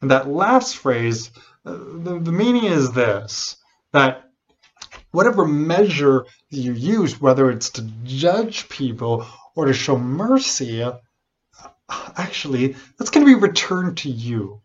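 A man preaching a sermon, animated and unhurried, often restarting his phrases. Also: mid-range voice, husky, lo-fi sound. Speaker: pastor.

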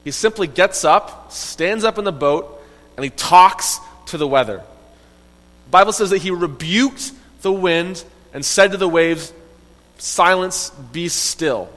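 High-voiced guy telling kids a bible story, chatty and animated, lots of reverb. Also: measured pace. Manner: animated, conversational, asks listeners questions. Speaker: Bible teacher. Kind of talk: storytelling Bible lesson for children.

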